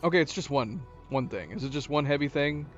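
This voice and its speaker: A man's voice: a little high, brisk, dull audio, soft background music. A man hosting a let's-play, casually thinking aloud and joking at the game characters. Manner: thinking aloud, chatty and wry. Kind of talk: casual gameplay commentary.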